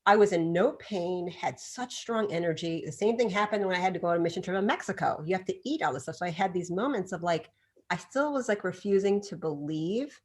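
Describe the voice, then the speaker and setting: A middle-aged woman, a chiropractor guest on a podcast interview, telling stories in an animated way and acting out the voices of the people she quotes. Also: fairly low pitch, brisk. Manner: animated storyteller who acts out quoted voices.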